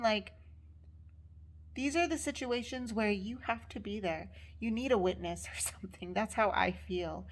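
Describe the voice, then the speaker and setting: Young adult woman, social work student; candid, emotional vlog storytelling with quoted dialogue. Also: mid-range voice. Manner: candid, upset, quotes others.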